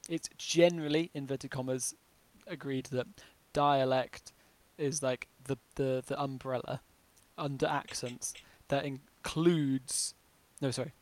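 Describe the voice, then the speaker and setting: A young man with a southern English accent chatting casually on a podcast, full of "like" fillers. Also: mid-range voice. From southern England. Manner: chatty, lots of "like" fillers, quick to laugh. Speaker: podcast co-host. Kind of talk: casual chat.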